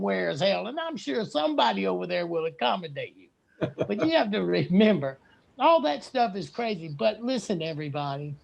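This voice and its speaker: A man giving a slow, earnest and blunt spiritual talk. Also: high voice, gravelly, a little mellow. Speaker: guest speaker.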